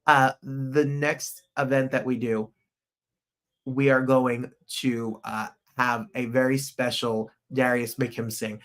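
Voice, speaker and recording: Male podcast host, casual rambling chat, eager and excitable delivery. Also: mid-range voice, slow pace.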